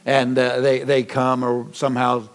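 A middle-aged man preaching a sermon as pastor, animated, with many repetitions and restarts. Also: medium pitch, measured pace, smooth.

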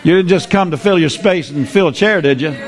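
A man preaching a sermon, lively, repeating his phrases and drawing responses from the congregation. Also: fairly high pitch, a little fast, crowd noise.

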